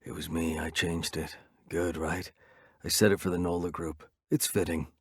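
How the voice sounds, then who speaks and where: An audiobook narrator voicing a smug male biker prankster who speaks in a hushed whisper. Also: low voice, steady tone, normal speed, slightly rough, dry recording, clean studio sound.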